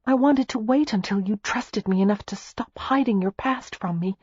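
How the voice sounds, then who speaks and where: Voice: mid-range voice, normal speed, darkish tone, husky, no room sound, dull audio, voice pushed up, close to an everyday voice. A narrator voicing a spirited young American heiress in love in an audiobook, speaking earnestly and insistently. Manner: earnest, pleading. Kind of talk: audiobook character reading.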